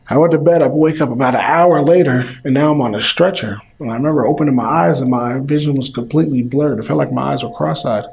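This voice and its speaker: A young man casually telling a personal story, relaxed and conversational. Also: a little high, quick pace, vocal fry, hardly any pauses, poor audio. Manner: relaxed, conversational retelling with quoted dialogue. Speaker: former football player telling his story.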